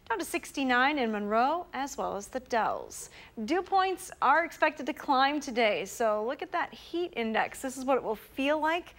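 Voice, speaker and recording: A woman meteorologist on morning TV news, giving the weather and traffic in a steady, bright delivery. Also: a little high. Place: TV news studio.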